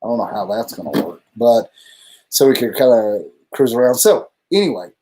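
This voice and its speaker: A man's voice: mid-range voice, expressive, normal speed, dark tone. A man co-hosting a casual live stream. He rambles loosely through his thoughts, swears freely and keeps an easygoing, unpolished tone. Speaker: livestream co-host.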